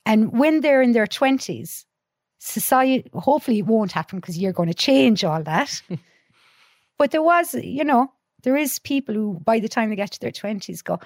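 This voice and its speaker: A woman's voice: fairly high pitch, animated, normal speed, darkish tone, no echo, studio quality. A middle-aged woman, a podcast guest, chatting earnestly and telling stories with many restarts. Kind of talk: casual conversation.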